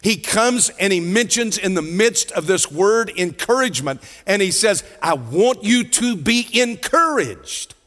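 Dynamic preaching man with lively pitch. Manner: dynamic preaching, drops to near-whispers and rises to calls to the congregation. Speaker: pastor. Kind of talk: sermon. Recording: long hall reverb.

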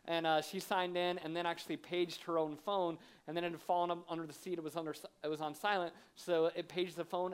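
A man preaching a sermon to a congregation, telling self-deprecating stories in a conversational, animated way. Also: a little high, smooth. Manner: humorous, self-deprecating storytelling. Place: church auditorium with audience.

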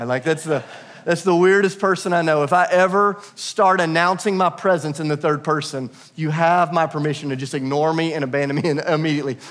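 A man in his thirties preaching a lively, humorous sermon to his congregation, calling on them to answer. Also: on the high side. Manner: energetic, humorous, calls out to the congregation. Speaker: pastor.

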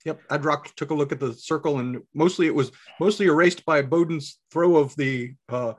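Casting: male player, a bit higher pitched, slightly husky, jokey and casual. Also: moderate pace. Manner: jokey, laughs often, plays his character. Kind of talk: casual chat in a tabletop game.

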